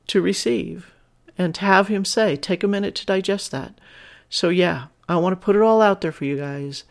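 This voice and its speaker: A woman's voice: mid-range voice, moderate pace, gravelly. A woman hosting her own podcast, talking to listeners in an enthusiastic, frank way and laughing easily. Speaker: podcast host. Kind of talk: casual solo podcast talk.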